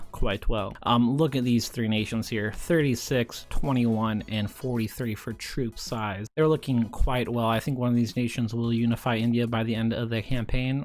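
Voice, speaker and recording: A young man giving casual, rambling commentary over a strategy game, at times breaking into excited cheering. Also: medium pitch. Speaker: gaming commentator.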